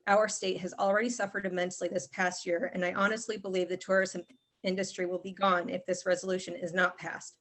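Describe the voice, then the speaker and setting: A woman's voice: fairly low pitch, level tone, a little fast, a bit bright. A woman calling in to a public meeting, earnestly reading a prepared statement. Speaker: caller. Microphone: call-in line.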